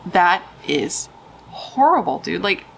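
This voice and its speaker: A woman's voice: fairly low pitch, big pitch swings, slow pace, creaky, fairly bright tone, slight background noise, rough recording. A young woman casually telling a true crime story, emphatic and chatty, swearing and saying dude and like.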